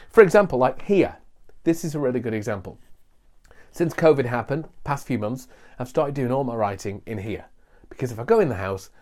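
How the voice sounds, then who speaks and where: Man, casual coaching vlogger, self-deprecating humour, average pitch. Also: a little mellow. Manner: chatty, self-deprecating, jokey asides. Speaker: content marketing coach. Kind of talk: casual talking-to-camera vlog. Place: small outbuilding away from the house.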